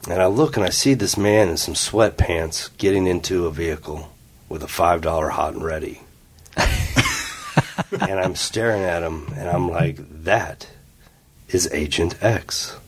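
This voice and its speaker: A man's voice: low-pitched, moderate pace. A man from Ohio, a guest telling a story in casual chat in an office conference room, acting out what people said. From Ohio, USA. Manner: animated, acts out quotes.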